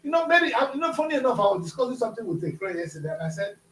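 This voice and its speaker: A man co-hosting a talk show, speaking Nigerian Pidgin-inflected English, animated and full of rhetorical questions. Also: very high voice, rapid-fire, recorded from a distance, slight background noise. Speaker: co-host. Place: studio. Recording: echoey, from off-mic.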